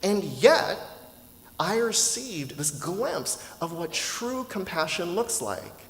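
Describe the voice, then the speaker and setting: A man giving a sermon as a minister, telling a story in a conversational, lively way with rhetorical questions. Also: high-pitched, takes it slowly. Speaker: minister giving a dharma talk. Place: temple hall. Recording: roomy hall echo with faint ambience.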